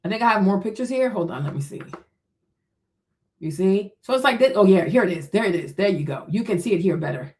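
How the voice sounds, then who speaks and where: A woman's voice: mid-range voice, expressive, a little fast, darkish tone. A woman hosting a livestream, giving heated, blunt, profane commentary and talking back to her chat. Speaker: livestream host.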